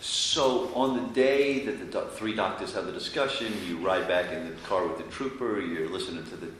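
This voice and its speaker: A man's voice: low voice, normal speed. A man conducting an interview, asking prompting questions and giving short affirmations. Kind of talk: conversational interview. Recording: very echoey room, faint background noise.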